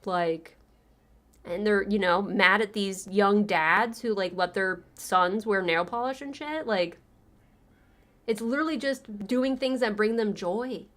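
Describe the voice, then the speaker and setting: A woman streamer chats casually on a livestream, her voice at an ordinary middle pitch. She is sarcastic and breaks into laughter often while retelling stories in quoted voices. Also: measured pace, a bit bright. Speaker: livestream reaction host.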